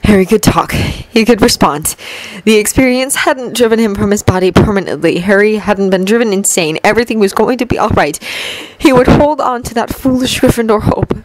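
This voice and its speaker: A woman reading a fanfiction story aloud in steady, earnest storytelling. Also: medium pitch, brisk, no echo, low-quality recording. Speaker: fanfiction reader.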